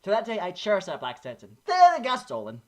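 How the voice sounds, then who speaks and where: A man's voice: high-pitched, quick pace. A man in casual podcast chat, telling rambling stories with lots of restarts. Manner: rambling, animated storytelling with many restarts. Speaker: podcast co-host.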